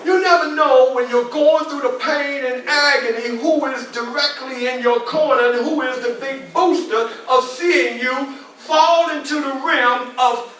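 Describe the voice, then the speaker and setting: A man's voice: very high voice, fairly bright tone. A man in his sixties giving a motivational speech, preacher-like and repetitive, talking straight to the audience. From New York. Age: 60s. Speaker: motivational speaker. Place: club meeting hall. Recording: echoey hall, mic at a distance.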